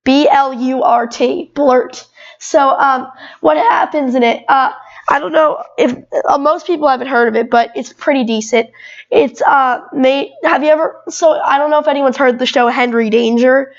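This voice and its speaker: A twelve-year-old girl talking as a podcast guest. Her voice sits high, and she rambles freely, filling her sentences with "like" and restarting them often. The recording is a bit dull and muffled. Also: normal speed. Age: 12 years old. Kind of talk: casual chat.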